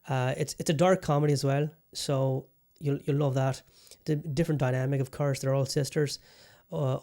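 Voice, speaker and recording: A man's voice: medium pitch, a little mellow. A man hosting a podcast in casual chat, rambling with many fillers and restarts. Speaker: podcast host.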